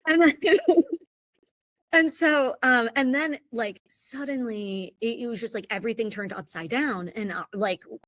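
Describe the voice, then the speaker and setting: A woman's voice: a little high, measured pace, fairly bright tone, dry recording, studio quality. A woman in her thirties from the United States, a podcast guest telling a personal story in a rambling, casual way with many fillers and restarts. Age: 30s. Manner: rambling, full of "like" fillers and restarts, laughs often.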